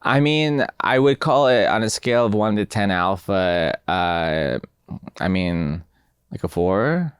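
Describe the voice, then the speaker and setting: A man co-hosts a comedy podcast and teases his partner in a playful way. His pitch swings a lot, and his voice is smooth. The sound is dry and close to the mic. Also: takes it slowly, no echo. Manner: teasing, playful, lively ups and downs. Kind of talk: casual comedic chat.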